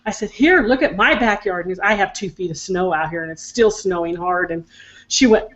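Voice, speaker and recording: A woman's voice: on the low side, a little fast, fairly bright tone. Older lady gushing about her grandkid on a video call, kinda muffled lo-fi sound. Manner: emotional, chatty storytelling. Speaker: psychic show co-host. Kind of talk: casual chat on a live video call.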